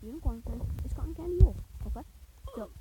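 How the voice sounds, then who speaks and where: A woman's voice: sits high, lively intonation, fast talker, background noise. A woman gaming YouTuber talking casually over her gameplay, playful and goofy, prone to silly outbursts and singing.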